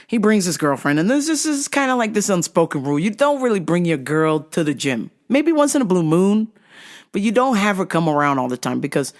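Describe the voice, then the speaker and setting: Animated, profane podcast storyteller. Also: mid-range voice.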